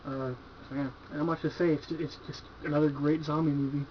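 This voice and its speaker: A man with a fairly high voice talks through his horror movie shelf in a loose, rambling way, cursing cheerfully as he goes. The sound is dull and lo-fi, like an old home video, with a faint hiss underneath. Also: level tone, a little fast. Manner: laid-back, profane, enthusiastic, filler-heavy. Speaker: horror movie collector reviewing his purchases. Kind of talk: casual video review.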